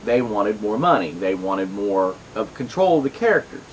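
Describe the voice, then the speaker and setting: Middle-aged male comics-show host, rambling and animated, casual commentary. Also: lowish voice, normal speed, a little hiss or hum, low-quality recording. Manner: rambling, chatty, full of asides and restarts.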